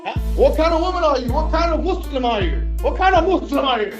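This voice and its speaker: A man's voice: very high-pitched, expressive, fast, faint music behind. A man in a livestream rant, taunting and preachy, challenging his listeners.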